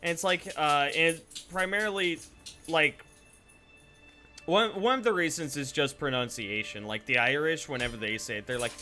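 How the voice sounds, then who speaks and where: A man's voice: fairly high pitch, normal speed, pushed and bright, soft background music. A young man giving rambling, casual live gameplay commentary, swearing freely and chatting with viewers. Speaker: Twitch streamer.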